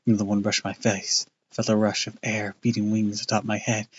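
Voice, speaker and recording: A man's voice: on the low side, monotone, fairly quick, hardly any pauses, husky, muffled recording. A man casually reading a book aloud on a live stream, loose and off-hand, with crude asides.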